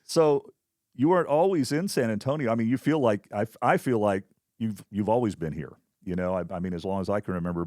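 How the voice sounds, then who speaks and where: A man hosting a podcast, asking easygoing questions in a casual interview chat and giving quick agreeing replies. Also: low-pitched, a little mellow, no echo, clean studio sound. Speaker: podcast host.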